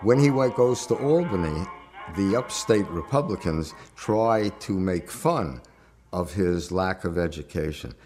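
Deep-voiced man telling anecdotes. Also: expressive, measured pace, darkish tone, soft background music. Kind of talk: interview storytelling.

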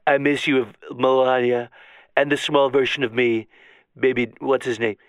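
A man voicing a boastful, bumbling male president in a comedy radio sketch, rambling with a wildly swooping pitch. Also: little pitch movement, moderate pace, natural voice.

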